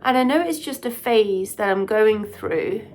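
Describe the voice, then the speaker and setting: A woman, a doctor vlogging in a soft, candid, introspective way. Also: mid-range voice, expressive, a little slow, soft background music. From United Kingdom. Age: 40s. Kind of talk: reflective vlog talk to camera.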